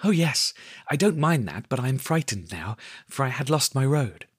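A man's voice: medium pitch, big pitch swings, moderate pace, breathy edge, no room sound, studio quality, pitched above the performer's own voice. A man putting on a timid little girl. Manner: soft, sweet and timid.

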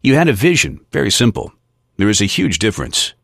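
A man voicing a calm elderly male exorcist priest who speaks in a measured, reassuring way. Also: lowish voice, vocal fry, no room sound, clean studio sound, voice pushed up, full character voice.

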